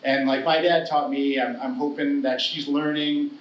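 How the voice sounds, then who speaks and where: A man's voice: on the high side, level tone, normal speed. A middle-aged man telling a true story at a live story slam, wry, earnest and humorous. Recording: roomy live hall, distant mic.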